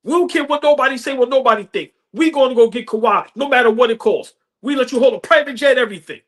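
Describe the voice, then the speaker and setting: A man's voice: extremely high pitch, fast, a bit bright. Man, podcast host, heated basketball rant, slangy, cursing, repeats himself for emphasis. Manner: passionate, emphatic, repeats lines for effect; profane, slangy street talk. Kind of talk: fan rant about basketball.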